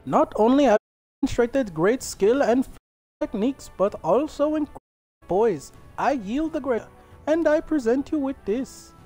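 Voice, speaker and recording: A stately, courteous warrior lord with a put-on Indian accent, as a man performs him. The delivery is slow and unhurried, and the pitch swings widely. Faint game music sits behind the voice. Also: animated, dark tone, heavily acted. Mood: formal. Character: formal, proud male warrior lord.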